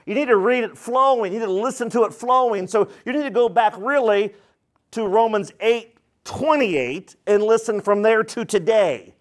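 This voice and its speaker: Male pastor, high voice, emphatic expository preaching, talks right to the congregation. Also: moderate pace. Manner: emphatic, repeats phrases for weight; addresses the congregation directly. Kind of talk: expository sermon.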